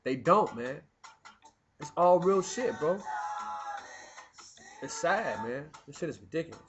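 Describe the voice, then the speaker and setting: A young adult man in a rambling, profane monologue, swinging from low muttering to loud preachy outbursts. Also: lively intonation, measured pace, dull audio. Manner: profane, peppered with "man" and "you know what I mean". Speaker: vlogger. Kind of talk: rambling personal monologue to camera. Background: music playing.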